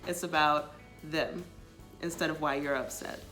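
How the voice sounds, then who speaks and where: A woman's voice: sits low, steady tone, unhurried, sharp tone, soft background music. A woman vlogger giving casual relationship advice to the camera, chatty and full of filler "likes". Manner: chatty, many filler likes, quotes others in passing.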